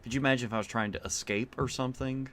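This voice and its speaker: A man's voice: mid-range voice, steady tone, very fast, fairly bright tone, a little hiss or hum. A man streaming a video game and chatting casually, rambling with fillers and laughs. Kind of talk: casual chat while playing.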